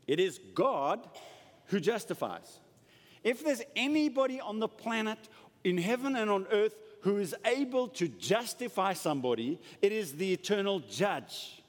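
A man preaching a sermon to a congregation in an emphatic, animated way. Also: sits high, a little slow. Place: church hall with an audience. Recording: long hall reverb.

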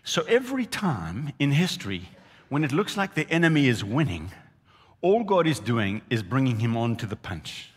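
Male pastor, lively pitch, husky voice, long hall reverb; emphatic sermon delivery. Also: normal speed. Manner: emphatic, animated preaching with repeated phrases.

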